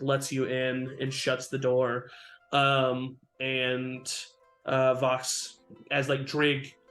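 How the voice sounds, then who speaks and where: A man's voice: medium pitch, a bit bright. A man narrating as game master of a tabletop game, in a loose style with lots of fillers. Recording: roomy with faint music.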